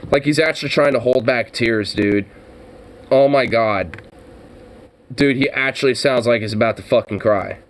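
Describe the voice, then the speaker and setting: A man's voice: medium pitch, moderate pace, a little hiss or hum. A man streaming a profane, mocking reaction to a news clip, exasperated and swearing heavily.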